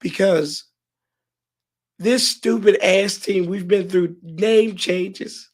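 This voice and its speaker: A man hosting a fan livestream, hoarse and emotional, thanking his viewers in a rambling, heartfelt way with many restarts. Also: high-pitched, fairly even intonation, very slow. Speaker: fan show host.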